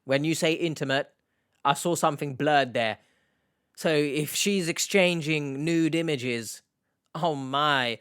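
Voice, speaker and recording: Guy reacting to a clip, sarcastic and mocking, kinda higher voice, smooth and dry sounding. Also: animated, measured pace, fairly bright tone, no echo. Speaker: online reaction host. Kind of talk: casual reaction commentary.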